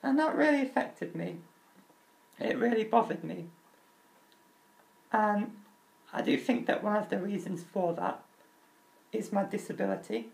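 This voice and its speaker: Earnest young man with a gravelly voice. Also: high voice, unhurried, pauses often, low-quality recording. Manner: earnest, reflective, asks the listener direct questions. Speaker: vlogger. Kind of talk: candid personal talk to the viewer.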